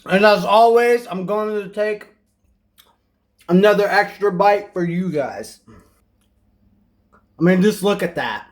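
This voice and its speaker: Man, high voice, casual cooking vlog host, chatty, talks to viewers. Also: takes it slowly, pauses often. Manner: chatty, addresses viewers directly.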